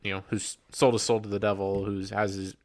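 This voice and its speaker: On the low side and darkish in tone, a young man's level voice moves briskly as he co-hosts a podcast. He rambles through a casual chat reviewing a movie, starting over now and then and doing mock quotes.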